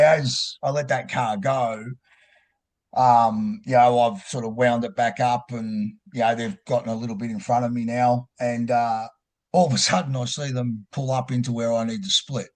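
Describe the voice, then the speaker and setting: A man with an Australian accent telling a personal story in a halting, rambling way, swearing freely. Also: medium pitch, steady tone. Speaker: podcast guest.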